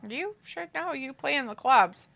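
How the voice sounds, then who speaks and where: A woman's voice: high-pitched, animated, moderate pace, vocal fry, pushed and bright. A woman co-hosting a live stream, reading viewer comments aloud in casual, giggly chat.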